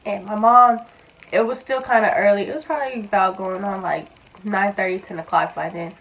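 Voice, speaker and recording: A woman's voice: mid-range voice, fairly even intonation, a little fast, a bit bright, a little hiss or hum. A woman in her twenties casually telling a personal story, candid and blunt, full of fillers and swearing. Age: 20s. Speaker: vlogger. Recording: tinny, phone-like audio.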